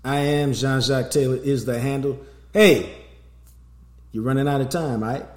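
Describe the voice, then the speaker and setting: A middle-aged man hosts a sports podcast in an easy, street-smart manner. His voice sits at a middle pitch, and the room adds a noticeable echo. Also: moderate pace. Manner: loose, streetwise banter with promo plugs. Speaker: podcast host. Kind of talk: casual sports podcast chat. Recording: roomy echo.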